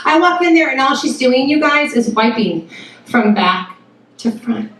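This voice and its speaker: A woman's voice: sits high, expressive, unhurried, a bit bright. A woman telling a frank, profane comic story about motherhood at a live storytelling show, laughing often. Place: live storytelling stage before an audience. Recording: very echoey venue, distant mic, noisy.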